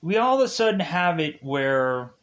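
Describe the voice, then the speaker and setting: A man's voice: a little high, sing-song, moderate pace, a bit bright, lo-fi sound. A man reviewing a film, retelling the plot in a rambling, casual way with many fillers.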